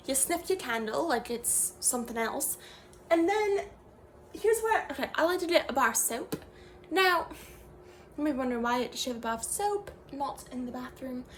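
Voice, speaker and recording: In an improvised comedy sketch, a young woman comedy creator plays a self-serious fake female professor giving a nonsense meditation lesson. Mock-serious and rambling, she trails off through fillers and half-finished sentences. Her voice sits high over a faint hum of noise.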